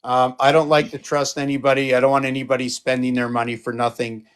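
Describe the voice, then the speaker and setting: Artist guy on a live stream, rambly and jokey, gets all excited then mumbles, ordinary pitch. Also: fast, clear, resonant tone. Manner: rambling, playful, jumps between excited exclamations and muttering. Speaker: artist showing his paintings. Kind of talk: casual live-stream chat.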